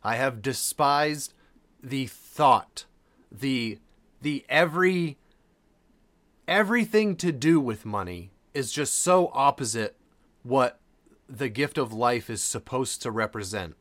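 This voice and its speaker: A man's voice: mid-range voice, expressive, takes it slowly, fairly bright tone. A man hosting a podcast, talking casually and earnestly, repeating phrases for emphasis. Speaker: podcast host.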